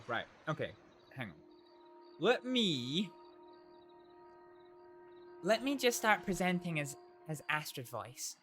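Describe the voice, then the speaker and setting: A man's voice: a little high, big pitch swings, slow, long pauses, a bit bright, faint music behind. Chatty, rambling male game streamer. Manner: chatty, rambling, restarts and trails off often. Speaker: streamer playing a role-play game. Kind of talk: casual livestream chat. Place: home streaming setup. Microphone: desk microphone.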